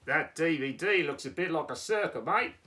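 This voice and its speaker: Man doing excitable Aussie tube puppet. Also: on the high side, moderate pace. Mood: chirpy. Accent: put-on Australian. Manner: says "mate" constantly, gets overexcited.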